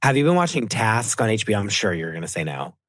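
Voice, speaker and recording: A man's voice: on the low side, big pitch swings, quick pace, fairly bright tone, no room sound. A man guest on a podcast, chatting casually and animatedly, slipping into mock voices while telling stories. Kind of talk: casual chat.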